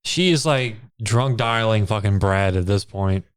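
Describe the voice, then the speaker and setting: A man's voice: lowish voice, a little slow, smooth, dry recording. A man co-hosting a podcast, chatting casually about a horror film, tossing in wry quips and quoting characters. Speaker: podcast co-host. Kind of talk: casual movie recap chat.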